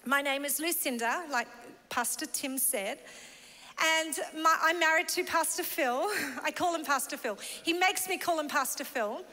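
Her voice is high, pushed and bright at a moderate pace: a Northern Irish woman pastor delivering a sermon. She's chatty and bubbly and laughs as she preaches, with the big church hall giving a long reverb.

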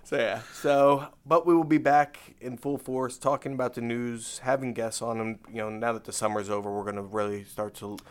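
A middle-aged man from the United States co-hosting a podcast, casual and low-key with dry understatement. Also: steady tone, normal speed, few pauses. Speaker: podcast co-host. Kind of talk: casual chat.

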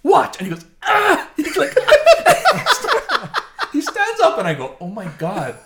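A man's voice: high-pitched, huge pitch swings, quick pace, heavy background noise. A man telling a family story in casual chat, laughing often and acting out the voices of his relatives.

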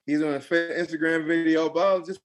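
Speaking a little high and fairly quickly, this young professional fighter recounts a story during a relaxed interview. He's emphatic and animated, often repeating phrases to drive his point home.

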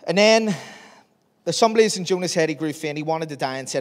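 Preacher guy, kinda high voice, animated storytelling sermon, long hall echo. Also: a little fast. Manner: animated storytelling, acting out Bible scenes. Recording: long reverb of a large hall.

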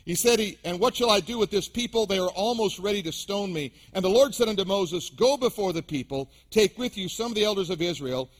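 A man's voice: sits high, lively intonation, fairly quick, hardly any pauses. A man preaching a sermon as pastor to his congregation, with emphatic rises and drops. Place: church sanctuary.

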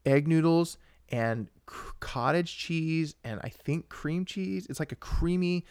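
A young man co-hosting a live-streamed podcast, chatting casually in a rambling, excitable way while he answers viewers. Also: on the high side, slow, smooth, no room sound, studio quality. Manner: rambling and excitable, with frequent restarts and asides to viewers. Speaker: podcast co-host.

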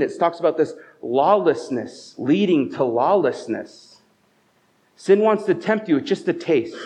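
The sermon comes from a male pastor whose voice is slightly high and darkish, preaching conversationally at church with stories and rhetorical questions. The audio is lo-fi, dull and muffled.

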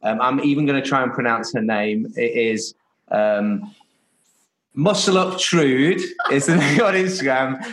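A man's voice: mid-range voice, unhurried, fairly bright tone, rough recording. Male podcast host, casual and playful, everyday mid voice. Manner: jokey, laughs often, many um fillers.

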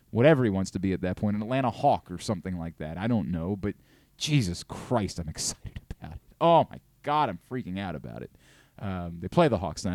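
A middle-aged man hosting a sports talk show, ranting and gushing in a casual, profane, excitable way. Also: on the low side, dry recording. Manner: animated, profane, rapid swings between excitement and rant. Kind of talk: casual sports radio chat.

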